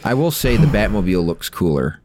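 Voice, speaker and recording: A man's voice: on the low side, sing-song, a little fast, a little mellow, no room sound. A man co-hosting a casual movie podcast, rambling and swearing casually, a bit off-mic. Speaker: podcast co-host. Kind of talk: casual movie review chat.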